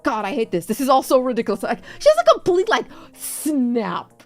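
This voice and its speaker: A woman streamer retelling a story in casual chat, animated, swearing freely and laughing often. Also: sits high, a little fast, faint music behind. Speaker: VTuber streamer.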